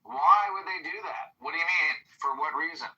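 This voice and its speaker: A man's voice: on the high side, normal speed, bright, forceful tone, dull audio. A man chatting casually in an online audio room, joking and telling anecdotes. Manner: chatty, jokes and tells anecdotes. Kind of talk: casual chat.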